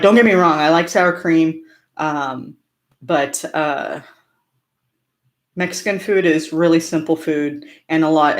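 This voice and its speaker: A chatty woman from Southern California hosting a casual live stream, answering viewer comments with frequent fillers and laughter. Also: sits low. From Orange County, California.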